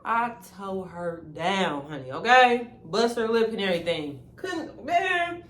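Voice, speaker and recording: A young woman telling a casual storytime vlog, animated, laughing often and talking to viewers as y'all. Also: medium pitch, measured pace. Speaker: vlogger. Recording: echoey room with faint ambient noise.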